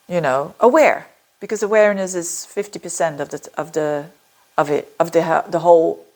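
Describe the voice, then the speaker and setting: A woman from Belgium, an astrologer, giving a casual monthly horoscope talk in a chatty, digressive way with lively ups and downs. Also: mid-range voice.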